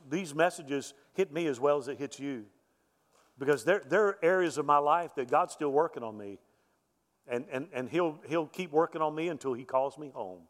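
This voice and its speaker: Pastor preaching in an echoey hall. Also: male voice, a little high. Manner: conversational preaching with frequent word repetitions. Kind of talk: sermon. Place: church sanctuary.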